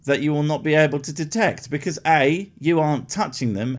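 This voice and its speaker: A man's voice: fairly high pitch, expressive, normal speed, hardly any pauses. A man giving sarcastic, mocking comedy commentary over a video.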